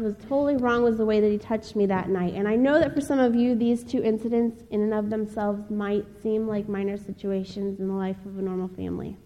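A young woman from Ohio giving a personal testimony speech, telling her story in an earnest, measured way with pauses. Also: mid-range voice, dark tone. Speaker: speaker. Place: chapel. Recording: long reverb of a large hall.

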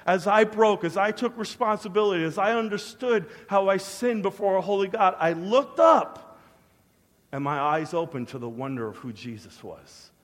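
A middle-aged man preaching a personal testimony, swinging from hushed to loud as he acts out his prayers, in a large church hall. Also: sits high. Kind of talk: sermon testimony. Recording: long hall reverb.

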